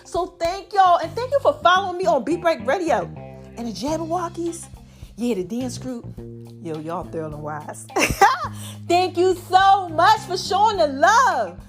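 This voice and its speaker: High-voiced breathless podcast woman. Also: measured pace, soft background music. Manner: lively, preachy, slangy, calls herself Mama. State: slightly out of breath. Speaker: podcast host. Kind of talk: casual inspirational monologue.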